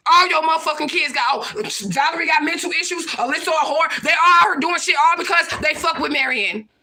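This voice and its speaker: Hosting a livestream, a woman launches into a heated, profane rant, confronting people and calling out to viewers as "y'all." Her high voice has a bright, sharp edge and a brisk pace. She keeps circling back to the same points.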